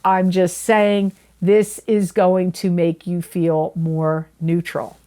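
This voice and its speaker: Her voice is fairly low and warm, with a flat delivery, and she takes her time. The woman reads tarot in a monthly astrology forecast to camera, chatty and earnest, frequently repeating and correcting her own words.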